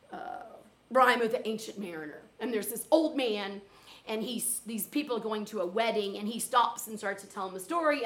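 Chatty woman teacher, echoey room. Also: medium pitch. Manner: chatty, practical, with reading-aloud demonstrations. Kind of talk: teacher-training talk.

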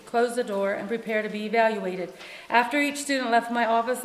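A woman who teaches music, reading her own first-person story in a measured, earnest way. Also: fairly high pitch, a little hiss or hum. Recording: echoey room with long reverb.

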